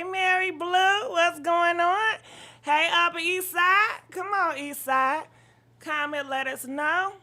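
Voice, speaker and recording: A woman's voice: high-pitched, bright, forceful tone. A woman hosting a casual live-stream gossip chat, a little out of breath, swearing freely and greeting commenters by name.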